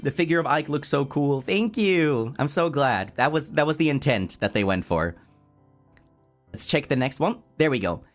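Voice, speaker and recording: A male streamer talks casually to his chat, playful and quick to laugh. His pitch swoops about with lively energy, and he stumbles over words when excited. Soft music plays faintly behind him. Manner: playful and animated, reads chat aloud and answers it.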